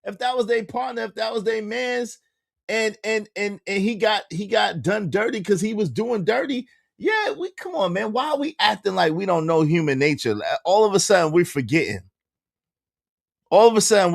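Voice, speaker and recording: Male stream host, gravelly, dry close mic, teasing chat banter. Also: sits high, darkish tone, no room sound. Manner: teasing, repeats phrases, talks back to chat. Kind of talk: casual live-stream commentary.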